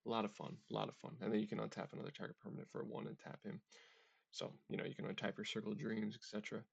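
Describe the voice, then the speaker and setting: A man's voice: lowish voice, level tone, racing, creaky, breathy edge, dry recording, dull audio. A man hosting a casual card-game deck walkthrough, chatty and often tripping over card names. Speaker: deck tech host.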